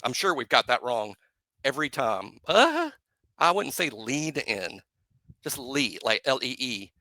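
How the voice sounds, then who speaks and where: A man co-hosting a casual sports podcast, playful and self-mocking, slowly spelling out names. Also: medium pitch, very animated, pushed and bright, dry recording. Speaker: podcast co-host.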